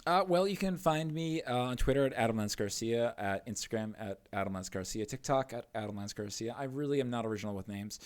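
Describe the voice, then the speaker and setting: A man as a podcast guest, telling funny stories in casual chat, animated and often laughing. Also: medium pitch, quick pace, few pauses. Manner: animated storytelling with laughs and swearing.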